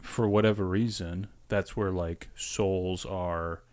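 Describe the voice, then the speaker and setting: A man co-hosting a podcast, chatting casually and reacting with short, lively comments. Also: sits low, slow pace. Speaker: podcast co-host. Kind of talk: casual chat.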